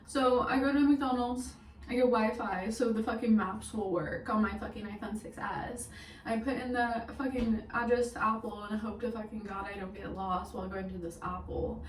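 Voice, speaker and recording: Young woman vlogging a storytime, swears a ton, kinda high voice, faint hiss in the back. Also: fairly even intonation, moderate pace, recorded from a distance. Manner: chatty, swears often, laughs through the story. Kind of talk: casual storytime vlog. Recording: echoey room, mic set back, faint hiss.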